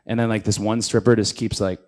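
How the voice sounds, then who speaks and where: A man in his thirties, spinning a casual anecdote as an interview guest. His speaking voice sits a little low, and he jumps into raised, animated voices to act out what others said. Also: a little fast. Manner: animated storyteller, acts out quotes in raised voices. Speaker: interview guest, pro wrestler.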